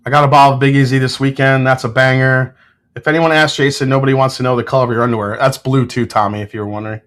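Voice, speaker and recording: A man's voice: mid-range voice, level tone, racing, a bit bright. Laid-back New man tasting whiskey on a livestream. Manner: loose, joking, swears, banters with chat. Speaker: whiskey reviewer hosting a livestream. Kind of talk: casual livestream chat with tasting notes.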